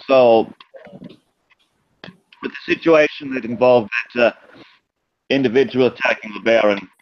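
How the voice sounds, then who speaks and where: A man with a put-on German accent, playing his character in a tabletop game and speaking haltingly with many fillers. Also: medium pitch, highs cut off, slight background noise. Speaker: player. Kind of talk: in-character tabletop role-play.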